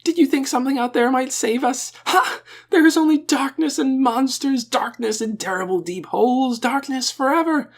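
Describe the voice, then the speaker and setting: A man voicing a frantic madman who wails out a stream of despairing words in a high, rapid voice. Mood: frantic wailing. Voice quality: shrill, shouting.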